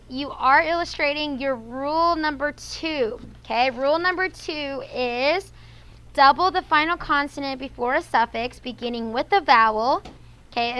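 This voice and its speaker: A woman's voice: high voice, sharp tone, smooth, low-quality recording. A woman teacher running a classroom lesson on vocabulary and spelling rules. She explains patiently and checks in with "okay?" after nearly every point.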